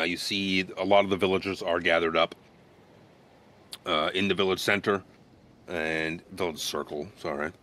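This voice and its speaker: A man's voice: deep voice, a bit bright. A man narrating a tabletop game as game master in a casual way with many fillers.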